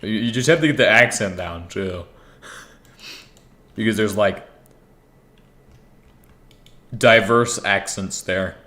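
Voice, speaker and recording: His voice is on the low side, bright and forceful, and he keeps a measured pace. The young gaming streamer rambles to himself during play, cursing liberally as a keyboard taps in the background.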